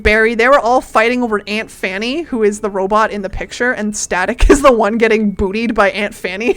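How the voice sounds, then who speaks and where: A young woman from Canada chatting casually on a livestream, giggly and excitable, swearing casually as she talks. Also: a little high, clean tone. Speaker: streamer.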